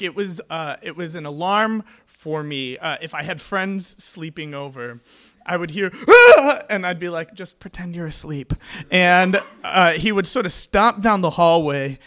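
A young man with a tenor voice performing a stand-up comedy set, telling stories deadpan and laughing at his own jokes. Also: sits high.

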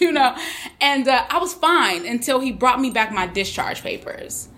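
A woman's voice: sits high, expressive, normal speed, fairly bright tone. A woman performing a stand-up comedy set, brash and profane, laughing often at her own jokes.

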